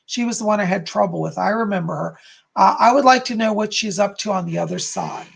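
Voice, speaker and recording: A man's voice: high-pitched, quick pace, creaky. A man hosting a live stream as a psychic, relaying spirit messages to viewers by name while losing his voice.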